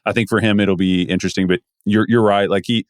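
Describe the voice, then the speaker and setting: A man's voice: fairly low pitch, fairly even intonation, quick pace, clear, resonant tone, dry recording, clean studio sound. A man co-hosting a podcast, thinking aloud in casual basketball analysis with lots of restarts. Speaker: podcast co-host.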